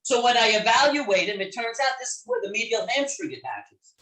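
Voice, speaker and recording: A middle-aged man telling a story in an interview, animated and emphatic, swearing freely. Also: extremely high pitch, fairly quick, distant mic. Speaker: guest therapist. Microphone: video call. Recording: echoey room on a video call.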